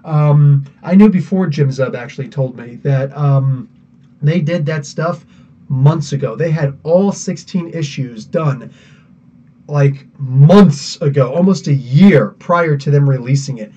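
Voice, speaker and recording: A man hosting a casual live podcast, answering chat in an excitable, rambling way with many fillers and restarts. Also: fairly high pitch, unhurried, slightly rough, far from the mic, muffled recording.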